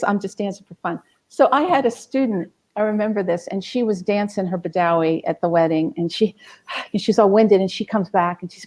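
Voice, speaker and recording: A middle-aged woman, a music scholar being interviewed, telling lively stories and acting out the people she quotes. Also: medium pitch. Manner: animated, acts out quoted people.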